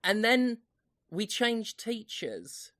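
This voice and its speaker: A woman's voice: a little high, animated, very slow, a bit bright. A woman from the UK co-hosting a podcast, telling rambling, jokey anecdotes in casual chat. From United Kingdom. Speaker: podcast co-host.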